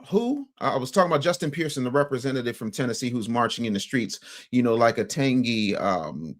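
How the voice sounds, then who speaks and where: An American man hosting a morning news livestream, talking bluntly and sarcastically while reading the chat. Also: mid-range voice. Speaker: morning news show host.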